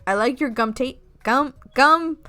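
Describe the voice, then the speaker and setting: Giggly woman game streamer, high voice, foul-mouthed and rambling, faint music behind. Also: unhurried, sharp tone, smooth. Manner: giggly, rambling, swears often. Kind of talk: let's play commentary with read-aloud game text.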